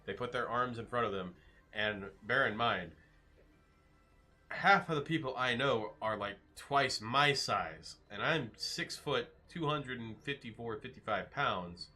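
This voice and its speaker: A man's voice: mid-range voice, a little slow, bright, forceful tone. A young man streaming, chatting casually and rambling with jokes as he answers his viewers. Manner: rambling, joking, reads out chat names.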